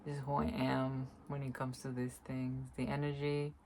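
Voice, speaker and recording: A woman vlogging alone, speaking softly and reflectively, often pausing to search for words and breaking into laughter. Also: rumbling low, little pitch movement, a little hiss or hum. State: tearful at times. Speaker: spiritual vlogger. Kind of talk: slow reflective monologue, energy reading.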